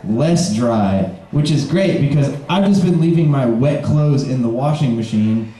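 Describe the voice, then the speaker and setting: A man in his twenties from Kentucky doing a live stand-up set with dry, deadpan one-liners and sarcastic pauses. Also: mid-range voice. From Kentucky, USA. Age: 20s. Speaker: stand-up comedian. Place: bar pavilion on stage. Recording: very echoey live room.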